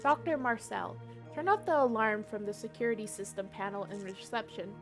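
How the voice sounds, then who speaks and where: A woman's voice: mid-range voice, fairly quick, over music. A woman streaming a game live, chatting casually and reading game text aloud.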